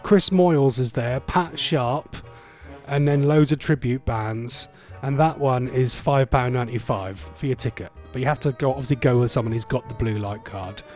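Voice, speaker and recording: A man's voice: mid-range voice, normal speed, a little mellow, faint music behind. A middle-aged man hosting a radio show in casual, rambling, jokey chat. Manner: rambling, chatty, loose and jokey. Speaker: radio host.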